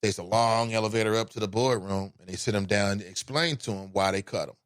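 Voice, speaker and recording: A man hosting a call-in talk show, giving casual commentary with an animated delivery that swings from loud emphasis to low asides. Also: a little fast, clean tone, dry recording, clean studio sound.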